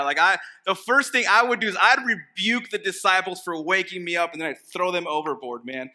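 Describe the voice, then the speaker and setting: A man's voice: high voice, a little fast, hardly any pauses, sharp tone. A man preaching a sermon as pastor, conversational and emphatic, joking with the congregation and restarting phrases.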